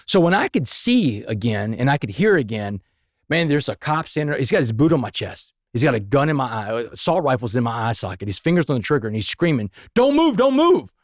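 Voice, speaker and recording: A man's voice: medium pitch, expressive, fast talker, no room sound, studio quality. A man, a podcast guest, telling his life story in a vivid, dramatic way.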